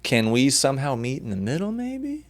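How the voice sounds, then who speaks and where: A man's voice: medium pitch, expressive, fairly quick, a crowd in the background. A man hosting a podcast, casual, opinionated and slangy in conversation. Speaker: podcast host. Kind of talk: casual chat.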